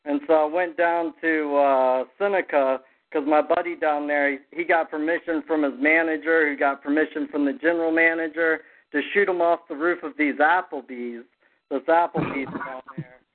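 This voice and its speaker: A man telling a story in casual chat, acting out the people he quotes. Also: fairly high pitch. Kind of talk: casual storytelling among friends. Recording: tinny phone-like podcast audio.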